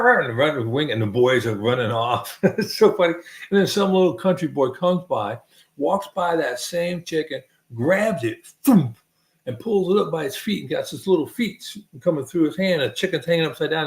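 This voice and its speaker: Brief: American man, gravelly voice, animated folksy storyteller, echoey room. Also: mid-range voice. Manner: animated, folksy, laughs at his own stories. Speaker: streamer telling stories. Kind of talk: casual rambling anecdote. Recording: roomy echo.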